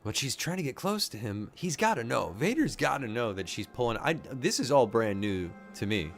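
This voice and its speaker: A man hosting a reaction video, excitedly thinking aloud and gushing as he watches. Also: medium pitch, moderate pace, creaky, faint music behind. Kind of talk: casual reaction commentary.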